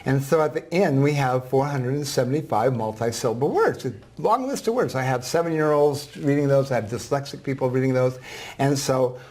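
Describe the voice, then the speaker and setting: This man, a reading teacher, speaks briskly at medium pitch as he recounts an emotional story on a talk show. He's an animated, soft-hearted storyteller who plays out the conversations himself.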